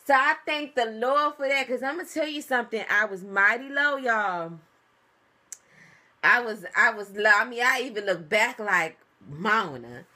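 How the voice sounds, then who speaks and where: A young adult woman telling viewers a story in a casual, animated vlog, calling them y'all. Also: fairly high pitch, moderate pace. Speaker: vlogger. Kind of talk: casual pregnancy update vlog.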